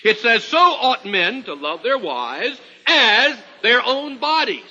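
A man's voice: very high-pitched, very animated, slow, pushed and bright. A man preaching a sermon to a congregation, with emphatic rising and falling delivery. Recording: lo-fi recording with long hall reverb.

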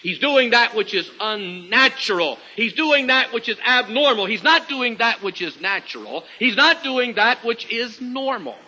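A man's voice: extremely high pitch, lively intonation, unhurried, hardly any pauses, sharp tone. A man preaching a sermon to a congregation, with emphatic rising and falling delivery. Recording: lo-fi recording with long hall reverb.

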